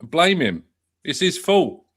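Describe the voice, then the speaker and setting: A man's voice: fairly high pitch, big pitch swings, slow pace, fairly bright tone, slightly rough. A man on a football podcast panel who jokes, teases the others and swears casually. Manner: jokey, teasing, swears.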